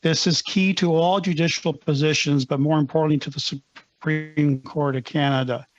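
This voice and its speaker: A man's voice: on the high side, fairly even intonation, moderate pace. Man reading formal questions, muffled audio. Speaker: committee member asking questions.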